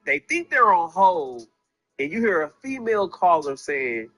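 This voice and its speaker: A man's voice: high-pitched, very animated, a little slow, bright, forceful tone, soft background music. A man commentating on a case, speaking emphatically, with rhetorical questions to his viewers. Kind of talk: true-crime commentary.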